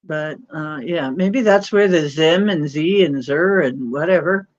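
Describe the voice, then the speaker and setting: A woman's voice: low voice, unhurried. A woman hosting a casual livestream chat, scornful and mocking, laughing often. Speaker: livestream host. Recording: dull lo-fi stream audio.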